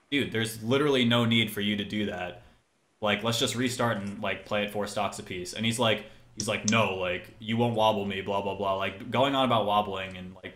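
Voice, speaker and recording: A man's voice: lowish voice, a bit bright. A man casually telling a story, rambling with constant fillers and quoting people in an exasperated tone. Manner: quotes other people's lines in an exasperated tone. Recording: roomy echo, faint background noise.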